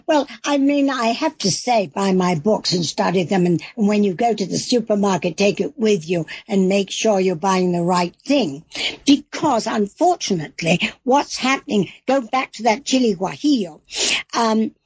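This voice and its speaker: An English-accented woman guest talks with eager, emphatic enthusiasm, wandering from point to point. Her voice is husky and breathy, recorded dry with no room sound. The sound is dull and lo-fi. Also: mid-range voice, animated, moderate pace, a little mellow, no echo. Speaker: cookbook author guest. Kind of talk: interview on a call-in show.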